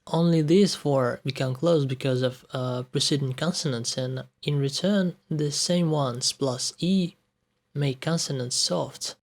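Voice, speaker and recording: Man, language teacher, slow and deliberate, example words spaced out one by one. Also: fairly high pitch. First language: Russian. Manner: measured, says each example word on its own. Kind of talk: scripted explanatory lesson with example words.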